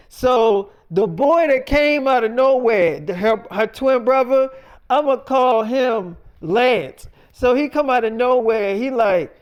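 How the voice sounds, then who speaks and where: A man's voice: very high voice, a little slow, clean tone, dull audio. A man telling a made-up story in a casual, freestyle way, acting out dialogue with lots of "I'm like".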